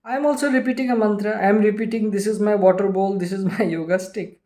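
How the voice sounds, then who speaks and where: A man voicing a mischievous enlightened sage who speaks loudly and quickly in a sing-song way. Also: high-pitched, fairly even intonation, pitched above the performer's own voice, close to an everyday voice. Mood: teasing.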